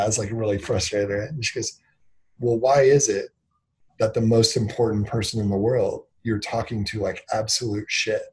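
With a low-leaning, steady, darkish voice and a little hiss or hum in the recording, a CEO in his thirties talks openly in an interview. He is reflective and filler-heavy, acting out dialogue in short bursts.

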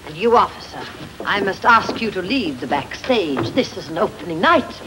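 A grand, imperious ballet matron. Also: female voice, fairly low pitch, very animated, moderate pace, noisy background. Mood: commanding. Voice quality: imperious, theatrical. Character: grand, commanding female ballet company matron. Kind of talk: 1940s film acting.

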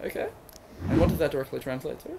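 A man's voice: medium pitch, very fast, creaky, background noise. A man with an Australian accent hosting a casual travel show, cheeky and self-deprecating. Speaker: host.

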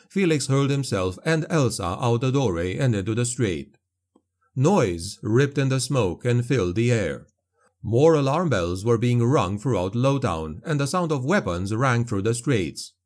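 A man narrating a dark fantasy audiobook in a steady, dramatic storytelling manner. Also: mid-range voice, normal speed.

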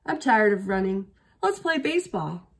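A woman's voice: mid-range voice, big pitch swings, normal speed. A woman voicing Franklin, a bossy young boy turtle, in a storybook reading, with a raised, pushy voice. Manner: loud, pushy and demanding.

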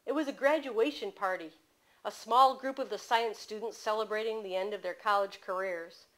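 A woman author reading aloud from her mystery novel at a bookstore, in steady storytelling narration. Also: mid-range voice, moderate pace, rough recording.

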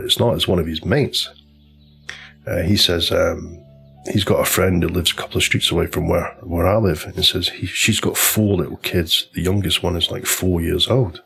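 A man's voice: low-pitched, fairly even intonation, moderate pace, creaky, a bit bright, soft background music. A man casually telling a long, rambling story while commenting on a golf video game. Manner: chatty storyteller, loose and informal, many restarts.

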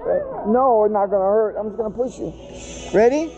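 A man's voice: high voice, animated, brisk, muffled recording. A man playing with his son at a swimming pool, talking patiently, encouraging and teasing him. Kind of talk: casual playful chat with a child. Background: music.

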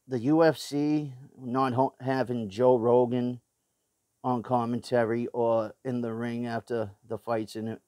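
Slow-talking Boston man ranting. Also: medium pitch, darkish tone, no room sound, clean studio sound. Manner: blunt, profane, rambling with fillers and restarts. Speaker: show host. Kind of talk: casual opinion rant to camera.

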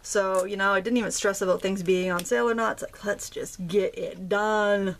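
Working through a casual at-home craft demonstration, a woman with a light Maine accent keeps up chatty, jokey banter and thinks aloud. Her voice is mid-range with fairly even intonation, and she speaks at a moderate pace.

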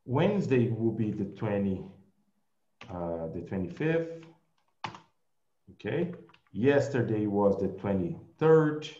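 A male English teacher with a Brazilian Portuguese accent, leading an online group class slowly and patiently, repeating his praise. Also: lowish voice, mellow, reverberant, muffled recording, slight background noise.

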